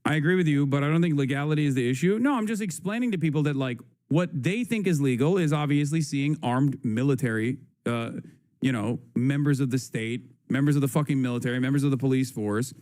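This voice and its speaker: A man's voice: mid-range voice, fairly quick, darkish tone. A man hosting a livestream, talking in an emphatic, profane way and repeating his points. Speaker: livestream host. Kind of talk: casual livestream commentary.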